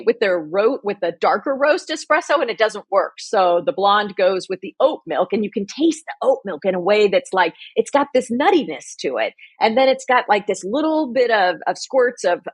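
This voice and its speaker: A woman's voice: mid-range voice, husky, no echo. A woman co-hosting a podcast in casual chat, effusive and chatty, often restarting her sentences. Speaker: podcast co-host.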